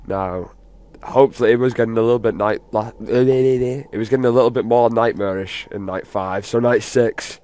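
A man giving casual, profane and rambling commentary while he plays a horror game for his channel. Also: fairly low pitch. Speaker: gaming video host. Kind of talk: let's play commentary. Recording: steady background noise.

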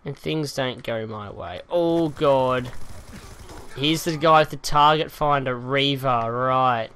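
A young man with a loud, heckling manner, commentating live gameplay into a desk mic at home and swearing at opponents. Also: medium pitch, slow, clear, resonant tone. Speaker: gaming commentator. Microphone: desk mic with pop filter.

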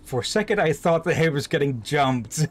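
A man's voice: a little high, lively intonation, normal speed. A man streaming a co-op game, chatting casually and swearing at what happens on screen. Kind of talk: casual gaming stream chat.

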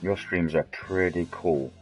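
Deep-voiced chatty man. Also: unhurried, soft background music. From England. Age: 40s. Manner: chatty, rambling, matey. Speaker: game streamer. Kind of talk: casual live-stream chat.

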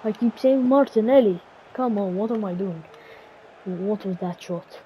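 Woman host calling her own football game match at a slow pace, talking to herself when plays go wrong; muffled, slightly hissy recording. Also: mid-range voice. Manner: self-critical, muttering to herself between calls. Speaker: gaming channel host. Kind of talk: play-by-play commentary over a football video game. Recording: dull lo-fi recording, faint hiss.

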